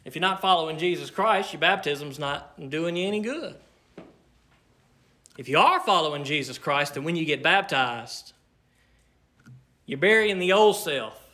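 A man preaching from the pulpit in a high, bright voice. He drives his points home emphatically, slowing into deliberate pauses for weight. The delivery is a pastor's sermon. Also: lively intonation.

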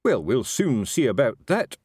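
A man's voice: mid-range voice, very animated, a little slow, a little mellow, husky, no echo, studio quality, voice pushed up. A man voicing a blustering, self-important middle-aged sergeant in an audiobook, with a raised, wheedling voice. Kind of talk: audiobook character voice.

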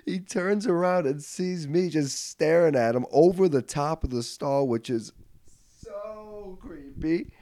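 A man hosting a podcast, telling a comedic story in casual chat. He swears freely, laughs as he goes, and swings from low mutters to loud outbursts on a studio mic. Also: normal speed, hardly any pauses, dry recording. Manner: animated, swings from mutters to yelling. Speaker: podcast host.

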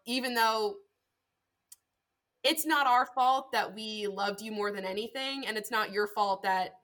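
Bright-voiced woman playing a tabletop game. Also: mid-range voice. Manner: intense, swearing, speaking in character as a mother. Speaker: player. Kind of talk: tabletop role-play, in and out of character.

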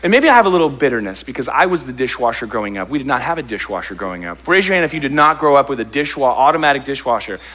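A man's voice: medium pitch, sing-song, very fast, hardly any pauses, a bit bright. A man preaching a sermon, telling a funny story about himself and acting out his complaints before he turns to scripture. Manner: humorous storytelling, acts out his own complaints. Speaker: pastor.

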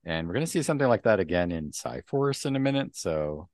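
Very deep-voiced co-host, dry sound. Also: male voice, big pitch swings, darkish tone, dry recording. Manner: halting, thoughtful, many fillers. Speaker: podcast co-host. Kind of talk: casual comic book discussion.

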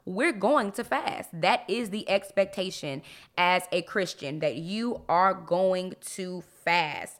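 A woman hosting a casual faith podcast, lively and expressive, her voice swinging up and down as she talks and laughs. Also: lowish voice. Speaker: podcast host.

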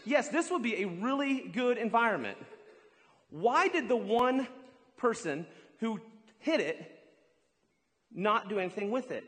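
A man preaching a lively sermon, drawing the congregation in and cheering them on. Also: sits high, unhurried, long pauses. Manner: energetic, hypes up the crowd. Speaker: pastor. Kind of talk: sermon with audience participation. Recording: long hall reverb.

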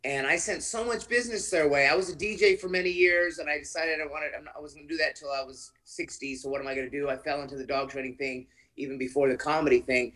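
A man's voice: a little high, fairly even intonation, quick pace, few pauses, fairly bright tone, rough recording. A man, a comedian guest, chatting in a laid-back, rambling way on a video call. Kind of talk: casual chat over video call.

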